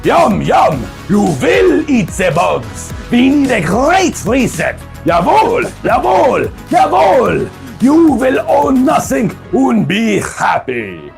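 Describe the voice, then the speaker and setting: A shrill, gravelly mock-German tyrant. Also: male voice, wildly swooping pitch, faint music behind, full character voice. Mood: gloating. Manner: slow, barking decrees. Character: shrill mock-German authoritarian man, gloating.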